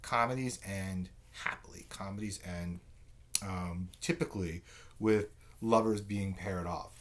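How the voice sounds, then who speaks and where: A man's voice: deep voice, a little slow. A man giving a conversational literature lecture, full of fillers and "right?" check-ins. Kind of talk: recorded lecture.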